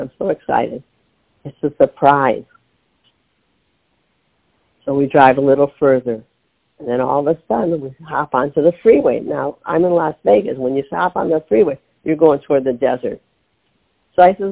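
An older woman, an author and interview guest, telling a family story with lively acted-out dialogue. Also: deep voice, moderate pace, creaky, pauses often, slightly rough. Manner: animated storyteller acting out her own quotes. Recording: tinny phone line.

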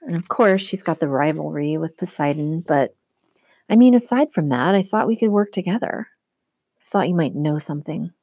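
An earnest teen demigod girl, urgent and frustrated, voiced by a woman reading aloud. Her tone is low-set and mellow, with a dry, close sound. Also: expressive, normal speed, breathy edge, no room sound, exaggerated voice.

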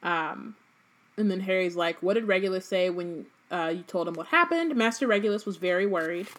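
A woman's voice: fairly low pitch, animated, brisk, a bit bright. Chatty woman recapping a chapter. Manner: chatty, loose, frequent "um" and asides. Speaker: podcast co-host. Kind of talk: casual book discussion, summarizing a chapter.

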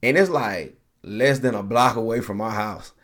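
A man hosting a podcast, telling a long story in a relaxed, animated way, acting out the people he quotes and laughing often. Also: fairly low pitch, normal speed. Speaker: podcast host. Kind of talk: casual storytelling.

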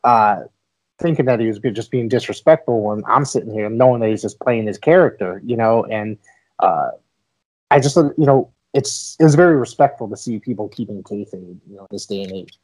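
A man hosting a wrestling podcast, talking in a relaxed and agreeable way with frequent fillers. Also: fairly low pitch, a little fast. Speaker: podcast host. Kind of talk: casual podcast chat.

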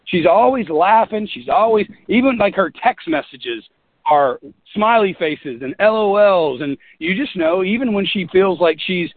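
A man's voice: sits high, lively intonation, measured pace, slightly rough, no room sound. A man giving a motivational team talk as a business leader, folksy, earnest and repetitive. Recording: tinny phone-like line.

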